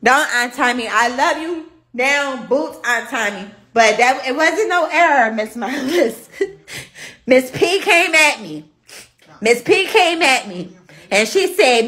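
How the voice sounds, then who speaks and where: A woman's voice: high voice, takes it slowly. A woman hosting a live stream, talking straight to her viewers, thanking commenters and venting bluntly with swearing. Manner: animated, addresses viewers directly and thanks commenters. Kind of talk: casual live stream chat.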